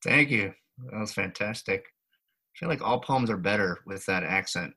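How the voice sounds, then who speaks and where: A man's voice: on the low side, normal speed, sharp tone, husky. A man hosting a poetry reading, chatting casually with readers. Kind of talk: casual chat.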